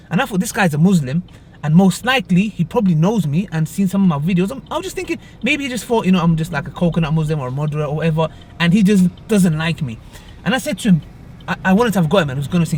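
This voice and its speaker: A man's voice: sits high, sing-song, quick pace, a little mellow, a little hiss or hum. A young man, casually retelling a road argument in a vlog from his car. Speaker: vlogger. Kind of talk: casual storytelling.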